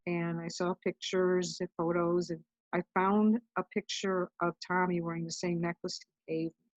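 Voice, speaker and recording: A woman's voice: on the low side, flat delivery, normal speed, no room sound, muffled recording. A woman guest telling a personal story in a casual, chatty way, often saying "I'm like". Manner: chatty, recounts events with lots of "I'm like". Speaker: podcast guest.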